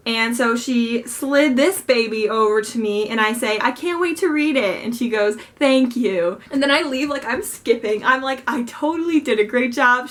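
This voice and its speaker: A woman's voice: fairly high pitch, a bit bright. A young woman vlogger chattily retelling her day with lots of quoted dialogue, in a casual storytime style. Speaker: book vlogger.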